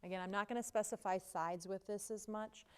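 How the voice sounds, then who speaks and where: A woman's voice: medium pitch, fairly even intonation, a little fast, clean tone. A woman teaching a yoga class, giving casual, chatty movement cues while out of breath from the exercise. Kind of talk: guided yoga class instruction.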